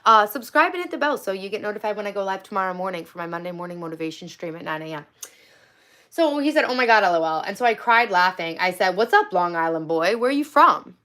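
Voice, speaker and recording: A woman's voice: medium pitch, animated, fast, pushed and bright. Young woman, livestream host, casual chat, sarcastic, profane. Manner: sarcastic, profane, reads chat and messages aloud.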